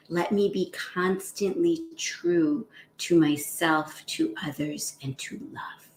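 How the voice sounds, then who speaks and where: A woman's voice: on the low side, slow pace, gravelly, roomy sound, slight background noise. A woman physician hosting a casual motivational talk, acting out harsh inner voices and often checking in with "right?". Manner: animated, acts out self-critical inner voices, often adds "right?".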